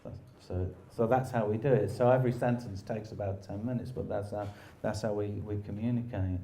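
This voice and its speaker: A man's voice: lowish voice, steady tone, a little fast, warm tone. A man telling rambling, self-deprecating stories in casual chat, laughing often.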